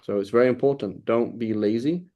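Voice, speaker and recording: A man's voice: mid-range voice, brisk, mellow, muffled recording. A man giving an informal religious lesson, talking conversationally, repeating phrases and keeping the class with him by asking "right?" again and again. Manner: repeats phrases to drive points home. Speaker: religious teacher.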